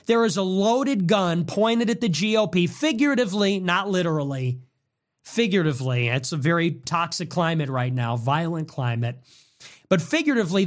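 Man, high-pitched voice, angry combative political monologue, show host.

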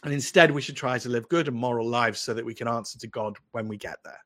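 A man's voice: medium pitch, fast, fairly bright tone. Posh English man, rambling opinionated commentary. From United Kingdom. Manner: rambling, with frequent restarts and asides. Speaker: lawyer answering viewer questions. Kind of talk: casual livestream commentary.

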